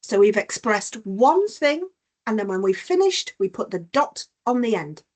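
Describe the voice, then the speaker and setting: A woman's voice: mid-range voice, big pitch swings, normal speed, a little mellow. A woman teacher giving an online punctuation lesson, explaining patiently with examples over a video call.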